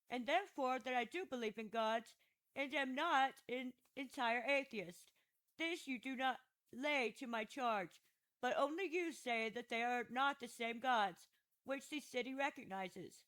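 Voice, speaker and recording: A woman's voice: high-pitched, a bit bright, low-quality recording. A woman narrating an audiobook voices an aging male philosopher who defends himself at trial with patient, ironic questions. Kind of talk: audiobook reading of a classic dialogue.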